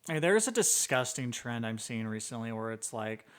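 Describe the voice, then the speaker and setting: A man hosts a casual podcast in his ordinary middle-pitched voice. He talks bluntly and swears freely, with exasperated asides. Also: very animated, moderate pace, fairly bright tone, clear, resonant tone. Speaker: podcast host.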